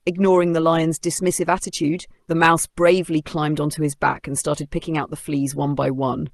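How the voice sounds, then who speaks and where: A storyteller narrating an animated children's story in an expressive way. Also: mid-range voice, moderate pace, vocal fry, few pauses, no room sound.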